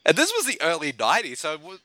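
A man's voice: a little high, huge pitch swings, fast talker, a crowd in the background. A man co-hosting a casual podcast about films, laughing often as he talks. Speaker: podcast co-host. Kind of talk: casual chat about movies.

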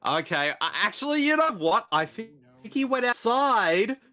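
A nervous bartender who stumbles over his words and keeps stalling with fillers, as a man puts him on. His voice stays lively and bright. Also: extremely high pitch, voice pushed up, heavily acted. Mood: fumbling. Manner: halting, fumbling, flustered. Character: awkward hesitant adult male bartender.

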